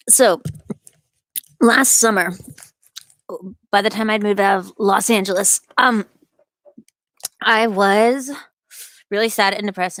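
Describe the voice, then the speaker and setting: Her medium-pitched voice is gravelly yet fairly bright as she hosts a livestream from a cramped attic in an old house. Reading chat, she wanders from topic to topic with self-deprecating humor and rising, questioning intonation. The recording is clean, with no audible room.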